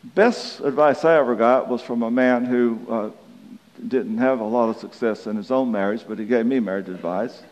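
A man's voice: mid-range voice, normal speed, darkish tone. A man in his sixties preaching a sermon, telling folksy stories and acting out the quotes. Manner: folksy, storytelling, acts out quotes. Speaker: pastor. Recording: long hall reverb.

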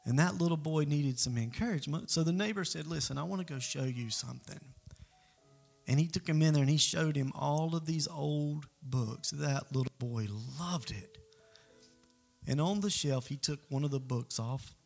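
A male preacher delivers sermon storytelling in an earnest, conversational manner. His voice sits slightly high and carries a gravelly fry. Soft instrumental music plays faintly underneath. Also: normal speed.

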